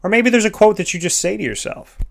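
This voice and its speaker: A man's voice: high-pitched, animated, fast, vocal fry. A man hosting a motivational self-help segment, speaking earnestly in repeated, emphatic lists. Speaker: host of a sponsored motivational segment.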